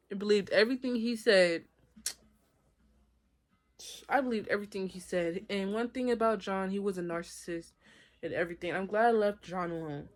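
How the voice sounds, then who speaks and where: A woman's voice: mid-range voice, normal speed. Young woman chatting through a storytime vlog. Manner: casual, chatty, addresses viewers directly. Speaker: vlogger.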